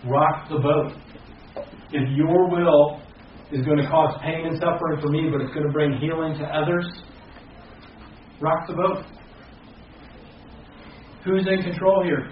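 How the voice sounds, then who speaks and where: A man preaching earnestly as pastor to a small congregation, rising loud and then dropping to soft, slow phrases. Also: a little high, steady tone, a little hiss or hum. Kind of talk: sermon. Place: church hall with a small congregation. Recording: very echoey, distant and muffled hall recording.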